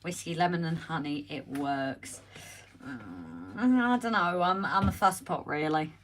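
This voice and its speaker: A woman hosting a casual home live stream, chatty and greeting viewers by name, her voice slightly croaky as she recovers from being ill, talking into a phone on a holder. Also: lowish voice, unhurried, noisy background. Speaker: livestream host.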